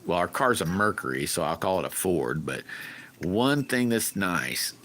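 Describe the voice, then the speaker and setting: A man's voice: low voice, sing-song, unhurried, a bit bright, slight background noise. A man hosting a casual livestream, rambling in a folksy way and griping while he reads viewer comments. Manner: rambling, folksy, griping about car repairs. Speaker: livestream host.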